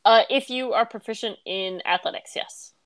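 A woman's voice: on the high side, normal speed, dry recording. A woman narrating as game master of a tabletop game, casual and laughing often.

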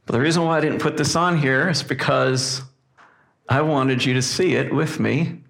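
A male pastor preaching a sermon in a reflective way, pausing often with fillers. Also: medium pitch, fairly even intonation, gravelly, fairly bright tone.

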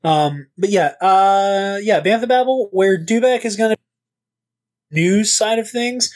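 A man's voice: high-pitched, a little slow. A man hosting a podcast in casual chat, rambling and stammering, swearing now and then. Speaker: podcast host.

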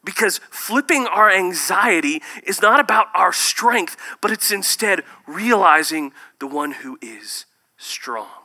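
Guy preaching, super bright voice, gets loud then drops to a whisper. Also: sits high, lively intonation, slow. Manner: swings between loud emphasis and hushed near-whispers. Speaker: pastor. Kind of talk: sermon.

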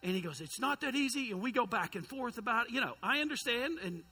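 A man, a youth pastor telling a story in a sermon, lively and humorous, poking fun at himself. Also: extremely high pitch, quick pace, breathy edge.

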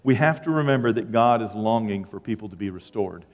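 A man preaching a sermon as pastor, acting out dialogue with lively asides. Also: lowish voice, a little fast, in a large hall. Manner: animated, acts out dialogue, self-deprecating asides. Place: church sanctuary.

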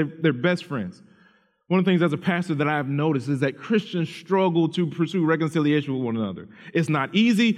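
A man in his thirties preaches with a fairly high voice, speaking earnestly and conversationally to his congregation. His words ring out with a long reverb, as in a church sanctuary. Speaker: pastor. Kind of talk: sermon on parenting.

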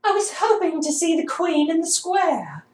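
A genteel, prissy older British lady put on by a man, with a very high, fluting voice. She sounds fussy and refined. The room around her is roomy and echoing. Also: very animated, moderate pace, a little mellow. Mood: prim. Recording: roomy echo.

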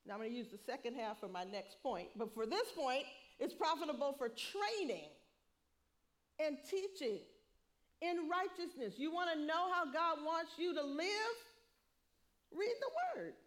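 Animated, high-voiced woman preaching. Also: normal speed. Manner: lively, laughs often, acts out quotes. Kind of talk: sermon.

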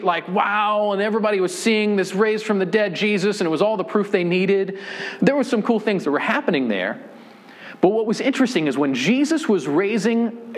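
A man preaching a sermon as a pastor, telling a story in a casual, conversational way that grows animated. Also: a little high.

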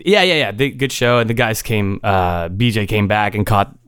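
A man's voice: lowish voice, normal speed, fairly bright tone, smooth, no echo, clean studio sound. A man on a podcast telling a casual, rambling story about a gig, often restarting his sentences and chuckling. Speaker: podcast co-host and gigging musician.

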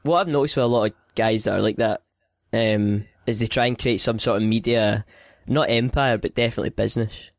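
Glasgow Scottish man, podcast co-host, relaxed and sweary, mid pitch, dry close sound. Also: fairly quick, no room sound. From Scotland. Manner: easygoing, swears casually. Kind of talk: casual chat.

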